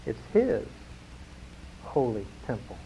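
A man preaching a sermon to his congregation, emphatic, slowing down and falling quiet on key phrases. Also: mid-range voice, wildly swooping pitch, slightly rough. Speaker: pastor. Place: church sanctuary. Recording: dull lo-fi sound.

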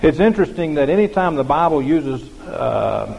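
A man's voice: a little high, big pitch swings, normal speed, gravelly, darkish tone, lo-fi sound, slight background noise. Man preaching in an echoey hall. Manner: conversational preaching with many fillers and restarts. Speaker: pastor. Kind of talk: sermon.

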